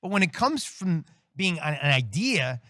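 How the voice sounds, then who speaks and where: Animated storytelling middle-aged priest. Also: male voice, a little high, measured pace, no echo, studio quality. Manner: animated storyteller, acts out quoted voices, laughs often. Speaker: priest and military chaplain, guest. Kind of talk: casual storytelling interview.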